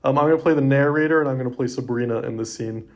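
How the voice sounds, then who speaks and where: A young man with a mid-range voice races through his part of a casual podcast chat. He rambles and peppers nearly every sentence with "like."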